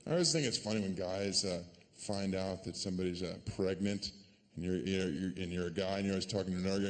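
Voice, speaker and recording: Brief: man doing stand-up, deadpan-sardonic, animated pitch, noisy live club recording. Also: fairly quick, long reverb tail. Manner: sardonic, deadpan delivery with sudden yelled punchlines. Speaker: stand-up comedian. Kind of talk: stand-up comedy. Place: comedy club stage.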